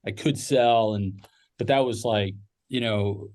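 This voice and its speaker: A man's voice: lowish voice, unhurried, darkish tone. A middle-aged man telling a personal business story casually, rambling with fillers and restarts. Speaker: podcast guest, business owner.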